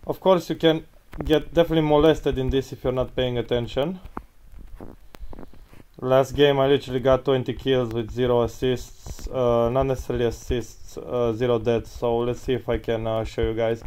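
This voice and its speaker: A man giving casual, crude gameplay commentary, breaking into loud hype shouts. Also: mid-range voice, normal speed, a little hiss or hum, poor audio. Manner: crude, excitable, yells hype callouts.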